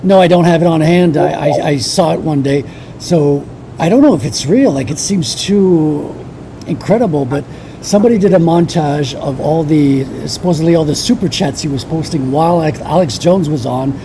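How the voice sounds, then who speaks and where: Mellow-voiced guy on a stream, a bit of noise behind him, keeps hedging. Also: fairly high pitch, normal speed. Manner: hesitant storytelling, hedging. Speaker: podcast co-host. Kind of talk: casual livestream chat.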